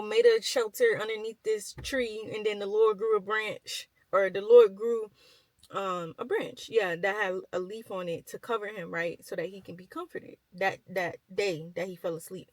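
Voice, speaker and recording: A woman's voice: medium pitch, a bit bright, no room sound, low-quality recording. Chatty young woman, dry close sound. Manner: chatty, full of fillers and slang. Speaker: vlogger. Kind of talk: casual retelling of a Bible story.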